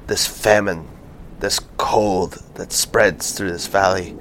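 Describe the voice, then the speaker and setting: A man's voice: low-pitched, fairly even intonation, measured pace, background noise. A man player speaking earnestly in character in a tabletop game. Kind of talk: tabletop role-play.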